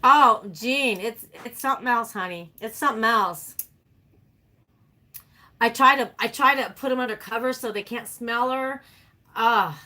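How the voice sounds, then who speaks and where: A woman's voice: on the high side, normal speed, pushed and bright. A woman chatting casually and animatedly with her livestream viewers, laughing often. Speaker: livestream host.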